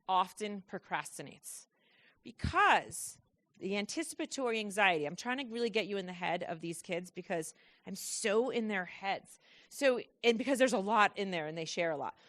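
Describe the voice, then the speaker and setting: A woman giving a lively presentation to a room of parents, asking the audience questions and acting out children's thoughts in quoted voices. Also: on the high side.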